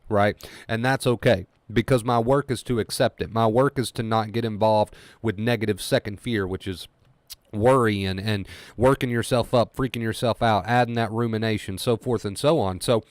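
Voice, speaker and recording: A man's voice: on the low side, moderate pace, no room sound. A man coaching people through anxiety recovery in a solo talk, speaking emphatically and repeating himself as he acts out anxious inner thoughts in quotes. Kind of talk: solo motivational talk to camera.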